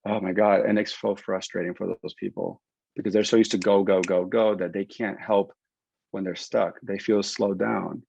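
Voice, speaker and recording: Gravelly low-voiced man explaining rehab. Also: moderate pace, slight background noise. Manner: animated, explanatory, acts out patient quotes. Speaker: concussion rehab clinician. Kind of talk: webinar presentation. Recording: dull lo-fi dry webinar audio.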